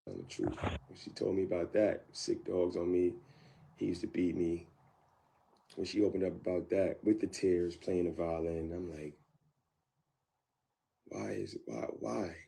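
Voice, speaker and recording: In a candid interview, a guest with a deep, gravelly, dark voice looks back on a past relationship. His low, relaxed delivery comes in halting bursts, full of restarts and repeated words.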